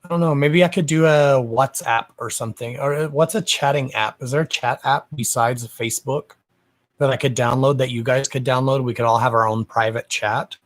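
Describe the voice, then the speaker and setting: A man's voice: medium pitch, fairly even intonation, moderate pace. A man hosting a live stream as a psychic medium, chatting casually from home in a sassy, gossipy way, cussing freely and calling his viewers darling.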